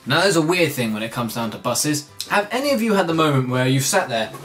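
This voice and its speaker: A young adult, ranting casually in a vlog with lots of swearing and sudden jumps toward shouting. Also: mid-range voice, brisk, soft background music. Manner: animated, sweary ranting with big swings up to near-shouting. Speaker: vlogger.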